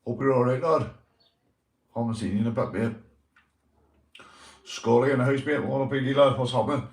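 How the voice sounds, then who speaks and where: A man's voice: mid-range voice, steady tone, moderate pace, roomy sound. Northern Irish man chatting on a livestream. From Northern Ireland. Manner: swears freely, calls everyone mate and lad. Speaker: livestream host. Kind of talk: casual livestream chat, greeting viewers.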